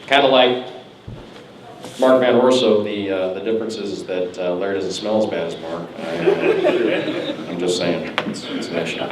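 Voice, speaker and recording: A man's voice: low voice, moderate pace. A man giving a joking, rambling roast speech at a birthday party, teasing his friends. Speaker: roast speaker. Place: party hall with a crowd. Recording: echoey hall, far from the mic, noisy.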